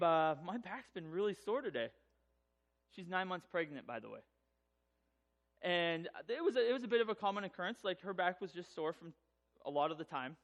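A man telling a personal story to an audience, humorous and self-mocking, acting out the voices. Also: sits high. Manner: animated, acts out voices in his telling.

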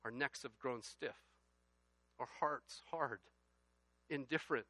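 A man preaching a sermon, reading scripture aloud and rising from quiet reflection to loud, emphatic passages. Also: mid-range voice, slow, no echo. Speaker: pastor.

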